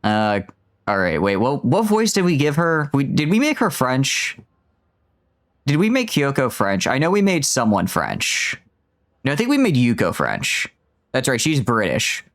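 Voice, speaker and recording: A man's voice: medium pitch, sing-song, moderate pace. A man chatting casually while live-streaming a video game, joking and rambling with a self-mocking manner.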